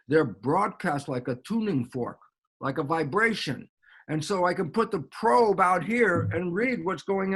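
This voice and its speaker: Animated American man explaining science. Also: on the high side. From United States. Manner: animated, acts out little dialogues. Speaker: guest biologist. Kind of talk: explanatory interview answer.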